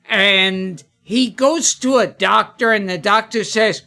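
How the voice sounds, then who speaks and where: Slow, bright-voiced man telling jokes. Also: high voice, vocal fry. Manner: halting, full of uh and um, laughing at his own jokes. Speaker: comedian guest. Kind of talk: joke-telling podcast chat.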